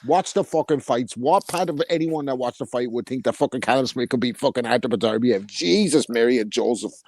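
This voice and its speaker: A man's voice: medium pitch, brisk, a little mellow. A man co-hosting a podcast, ranting and swearing in casual chat. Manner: profane, scornful ranting. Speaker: podcast co-host.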